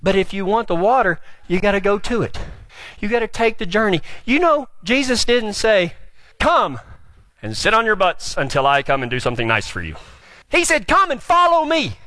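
A man's voice: high-pitched, big pitch swings, normal speed, no echo. A man preaching a folksy, joking sermon as pastor. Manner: folksy, joking, builds to shouts.

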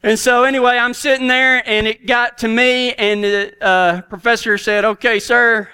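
A man's voice: very high voice, steady tone, normal speed, bright, forceful tone, clean tone. A middle-aged man with a Texan accent, telling a folksy story as a cowboy preacher in a sermon. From Texas.

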